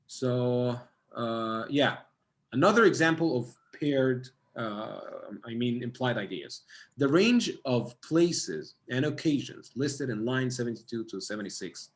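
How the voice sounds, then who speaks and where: Egyptian guy running an online prep class, upbeat, cheers students on. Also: medium pitch. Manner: encouraging, reads students' answers aloud. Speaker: SAT tutor.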